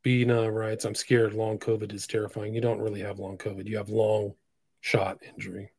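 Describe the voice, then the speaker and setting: A man's voice: lowish voice, moderate pace, breathy edge, no echo. Dry-voiced man reading posts aloud. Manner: reads quotes flatly, with sudden loud emphatic bursts. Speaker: podcast host.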